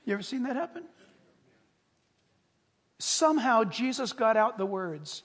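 A male pastor delivering a sermon with a husky, fairly high voice. He preaches dramatically, swinging from near-shouts to quiet asides. His voice rings with the long reverb of a large church hall. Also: very animated, unhurried, long pauses.

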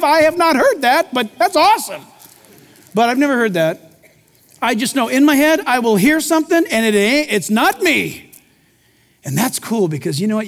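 A male pastor preaching a sermon, swinging from booming emphasis to hushed, intimate asides. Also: in a large hall.

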